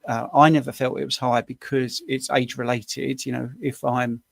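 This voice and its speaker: A man's voice: medium pitch, flat delivery, moderate pace, creaky, dry recording. A man in his sixties on a video call, explaining at length in a rambling, anecdotal way as co-host of a live Q&A. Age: 60s. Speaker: co-host answering questions. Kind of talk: casual live Q&A chat.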